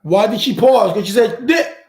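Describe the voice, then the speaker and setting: A man with a high, gravelly voice speaks at a normal speed while hosting a live stream. He reads out viewer comments and rambles through his opinions, often repeating words as he hunts for the right ones. The room sounds echoey.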